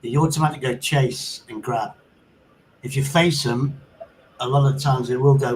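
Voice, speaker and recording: A man's voice: mid-range voice, steady tone, normal speed, slight background noise, poor audio. A middle-aged man, telling sweary anecdotes in casual chat on a livestream. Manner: swearing anecdotes with sound effects. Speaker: livestream host.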